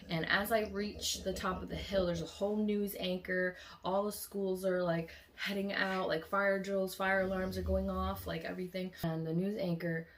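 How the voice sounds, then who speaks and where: A woman's voice: mid-range voice, flat delivery, moderate pace, hardly any pauses. A woman vlogger casually recounting a dream in a chatty, rambling way, full of fillers. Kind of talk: casual storytelling.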